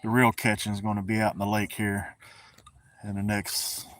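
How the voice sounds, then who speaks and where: A man's voice: on the low side, completely flat delivery, moderate pace, fairly bright tone. A man with a Southern US accent hosting a casual fishing livestream outdoors, talking in a folksy, laid-back way. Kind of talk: casual live-stream chat. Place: outdoors by a pond.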